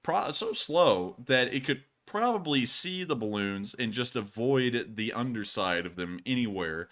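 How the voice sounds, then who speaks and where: A man's voice: medium pitch, lively intonation, unhurried, fairly bright tone. A man hosting a live news stream, answering viewer questions in a chatty, joking way, a little sleepy and yawning. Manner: chatty and joking, laughs often. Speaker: war news stream host.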